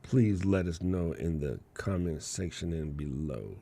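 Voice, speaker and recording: A man hosting a live podcast, telling stories in a slangy, animated way and laughing often. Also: low-pitched, a little slow, gravelly, slightly rough. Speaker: podcast host. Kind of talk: casual live-stream storytelling.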